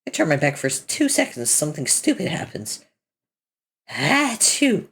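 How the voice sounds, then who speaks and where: Woman reading a comic aloud: deep, husky, lively delivery, switches voices between characters. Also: fairly quick. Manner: adds casual commentary between dialogue. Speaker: reader of a webcomic.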